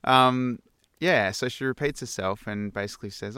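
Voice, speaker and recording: A man's voice: medium pitch, moderate pace, bright, forceful tone, clear, resonant tone, no echo, studio quality. A man co-hosting a podcast in casual chat, laid-back, laughing often and trailing off mid-sentence. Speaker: podcast co-host.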